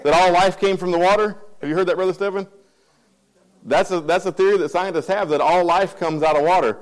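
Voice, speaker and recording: A man's voice: sits high, fairly even intonation, fairly quick, poor audio. A male pastor giving a conversational sermon, often repeating phrases and asking the congregation if they follow him. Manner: keeps checking in with the congregation.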